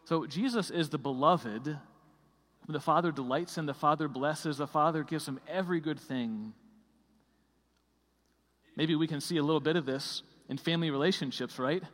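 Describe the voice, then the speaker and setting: A man's voice: on the high side, normal speed, a bit bright, long reverb tail. A man preaching a sermon in a conversational way, full of fillers and restarts.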